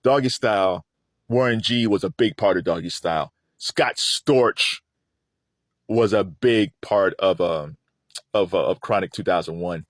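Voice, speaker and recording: A middle-aged man hosting a casual pop-culture commentary, animated and rambling, laughing often. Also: deep voice, measured pace, no room sound, studio quality. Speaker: host.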